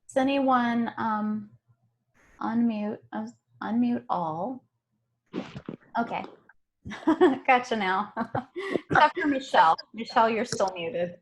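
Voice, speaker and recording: A soft-spoken woman hosts a meditation circle over a video call. She talks slowly in a slightly high voice and laughs easily as she goes. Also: lively intonation, a little hiss or hum. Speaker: meditation group host. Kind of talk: casual group video call.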